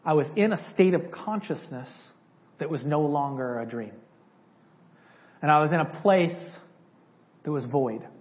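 Man, church testimony, conversational storytelling, fairly high voice, slightly dull lo-fi recording. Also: unhurried, long pauses. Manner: conversational, acts out dialogue from memory. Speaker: church speaker sharing his testimony.

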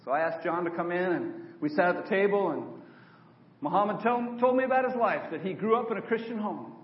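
High-voiced older man preaching in a hall. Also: brisk. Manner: animated storyteller, quotes others in dialogue. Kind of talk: sermon storytelling. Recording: echoey hall from far off, dull.

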